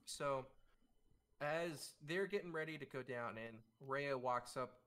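A man's voice: mid-range voice, a bit bright, clean tone. A man narrating a live tabletop game as game master, with many fillers and restarts. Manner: halting, frequent fillers and restarts. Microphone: streaming mic.

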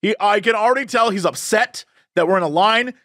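In clean studio sound with no room tone, a high-voiced young man talks a little fast. As a podcast co-host, he relays a humorous family story in relaxed conversation, lively acting out the voices of the relatives involved.

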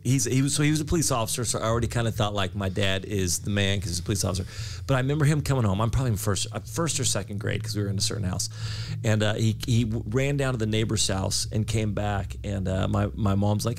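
A middle-aged man, a pastor, chatting as a podcast guest and telling animated stories, often laughing and acting out quoted voices. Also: lowish voice, quick pace, creaky. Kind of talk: casual conversational interview.

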